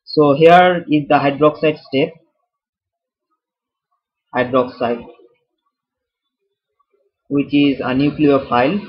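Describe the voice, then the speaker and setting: Husky young man tutoring chemistry, lo-fi. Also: mid-range voice. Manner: self-deprecating, restarts words, addresses viewers as fellas. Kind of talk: casual whiteboard tutorial. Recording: dull lo-fi sound.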